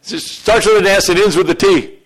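A man preaching a sermon as pastor, animated and joking with his congregation in a church. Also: sits high, brisk, low-quality recording.

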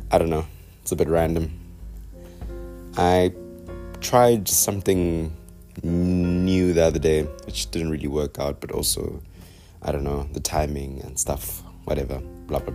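A man's voice: extremely low pitch, a little mellow. A young man with a South African accent, hosting a rambling solo podcast in a loose, self-mocking way, full of fillers and digressions. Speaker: podcast host. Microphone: podcast microphone.

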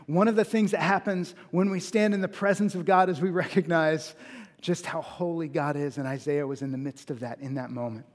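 Earnest preacher man in a reverberant hall. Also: a little high. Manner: earnest, builds to emphatic peaks, slows on key phrases. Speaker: pastor. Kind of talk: sermon.

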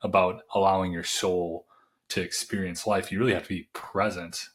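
Deep-voiced man asking a podcast question. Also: level tone, normal speed, a bit bright. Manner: searching, loose, with many fillers. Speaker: podcast host. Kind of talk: interview question.

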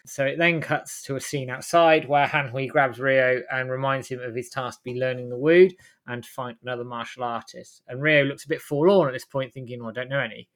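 A man's voice: mid-range voice, a bit bright. A man casually retelling a story's scenes as host, rambling and often correcting himself. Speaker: host recapping a game. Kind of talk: casual chat.

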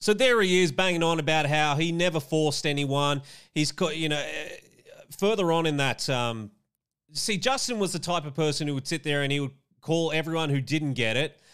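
A man reacting to video clips with indignant, animated commentary and a running stream of chatty asides. His voice sits somewhat high and rings smooth and clear. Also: normal speed. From Australia. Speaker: political commentator.

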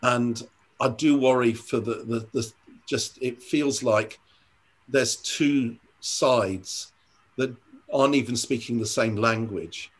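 A man's voice: mid-range voice, takes it slowly. Earnest older man telling a story. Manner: earnest, reflective, many hesitations and restarts. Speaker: church leader. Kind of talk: conversational interview storytelling.

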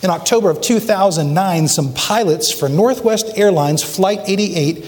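This is a man preaching a sermon with emphasis, posing rhetorical questions to his congregation in the sanctuary. He speaks at a moderate pace in a high, slightly mellow voice, and the room adds a long reverb.

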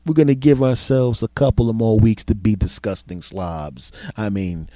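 A man rants through a comedic monologue, swearing freely and poking fun at himself. His voice sits low and mellow. The sound is dry and close, with no room around it. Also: moderate pace, no echo. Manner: ranting, profane, self-mocking. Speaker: podcast host.

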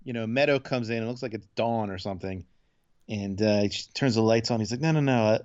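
A man's voice: on the low side, fairly even intonation, brisk, darkish tone, no echo, lo-fi sound. A man chatting casually as a podcast host, rambling through a retelling of a TV episode and loosely acting out the quotes. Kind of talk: casual chat recapping a TV episode.

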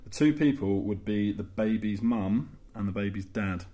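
A man's voice: fairly low pitch, moderate pace, mellow. A man co-hosting a casual comedic chat podcast, bantering in a playful, teasing way. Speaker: podcast co-host.

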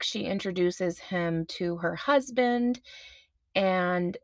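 A woman's voice: mid-range voice, measured pace, no room sound. Chatty woman hosting a movie podcast. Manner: chatty, self-aware, laughs easily. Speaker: podcast host. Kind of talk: casual movie review podcast.

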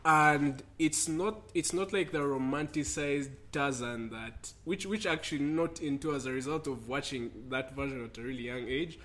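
A man co-hosting a casual chat, telling a rambling, animated story with lots of fillers. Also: medium pitch, moderate pace, few pauses. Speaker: podcast co-host.

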